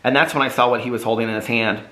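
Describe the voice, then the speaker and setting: A man's voice: mid-range voice, steady tone, very fast, sharp tone, echoey room, low-quality recording. A man reading his own novel aloud in first person, earnest and emotional.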